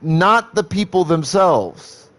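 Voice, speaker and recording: A man's voice: high-pitched, expressive, slow pace, fairly bright tone. A man streaming live who chats casually in a rambling, profane way, with many restarts.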